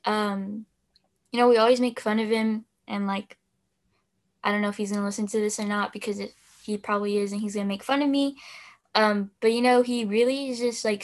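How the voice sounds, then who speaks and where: A teenage girl and student officer talking casually on a podcast, rambling with lots of fillers and little laughs. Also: mid-range voice. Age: teens. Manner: chatty with many fillers and laughs.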